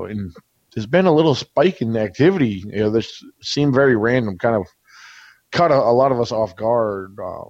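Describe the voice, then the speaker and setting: A man's voice: medium pitch, darkish tone, no echo, highs cut off. A man guest on a radio talk show, answering casually and rambling, with lots of fillers and restarts. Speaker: guest, researcher.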